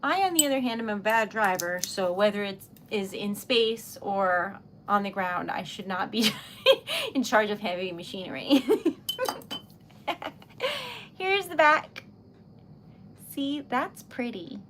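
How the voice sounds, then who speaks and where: A young woman hosting a relaxed livestream, chatting casually with viewers as she crafts, rambling and giggling often. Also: medium pitch, slow pace, a little hiss or hum. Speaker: livestream host. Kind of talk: casual chat while crafting.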